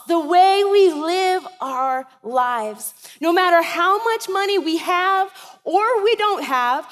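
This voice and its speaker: High-voiced woman pastor preaching in a hall. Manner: conversational preaching, checks in with the congregation. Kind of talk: sermon.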